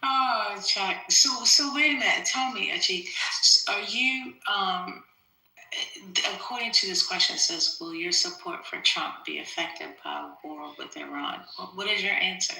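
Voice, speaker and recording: A woman's voice: medium pitch, a little slow, gravelly, bright, forceful tone. An easygoing woman hosting a casual chat, laughing often. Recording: roomy echo.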